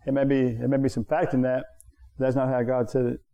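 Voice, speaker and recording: A man preaching a sermon to his congregation, repeating phrases for emphasis and jumping up in pitch on his key points. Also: flat delivery, fast, gravelly, mellow, dull audio. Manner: talks straight to the congregation. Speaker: pastor.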